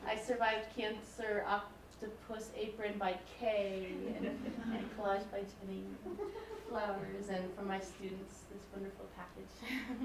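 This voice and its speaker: A mid-range female voice, a music professor in her forties, offers a frank and personal public lecture. The lecture hall sounds roomy, the mic is placed far away, and the background is noisy.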